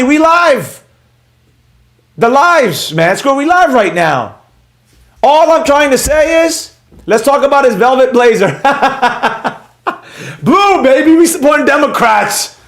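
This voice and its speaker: High-pitched ranting man in an echoey room. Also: moderate pace. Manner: animated, sarcastic, repetitive ranting. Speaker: trading educator and livestreamer. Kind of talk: casual ranting livestream.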